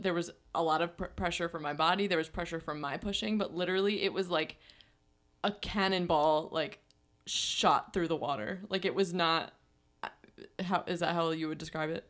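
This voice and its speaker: A young woman telling a story in a relaxed chat, full of fillers and frequent laughs. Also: on the low side, normal speed. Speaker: podcast co-host.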